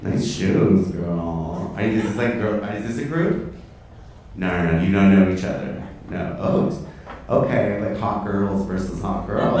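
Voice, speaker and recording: A man's voice: low voice, unhurried, a little mellow, recorded from a distance, a little hiss or hum. A man doing a stand-up set on a comedy club stage, brash, profane and camp, teasing the crowd. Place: comedy club stage before a live audience. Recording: echoey club, mic from afar, audience laughter.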